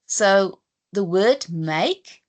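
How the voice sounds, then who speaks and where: A woman's voice: mid-range voice, animated, extremely slow. A woman teacher with a South African accent giving a patient spelling lesson, spelling out letters one by one. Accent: South African English. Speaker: English teacher. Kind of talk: slow, deliberate classroom lesson.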